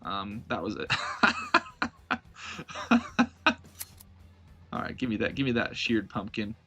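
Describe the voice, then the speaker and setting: A man's voice: fairly low pitch, animated, takes it slowly, fairly bright tone, faint music behind. A young man streaming live gameplay, chatting playfully with his viewers and mocking his own blunders. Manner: playful, self-mocking, talks to chat.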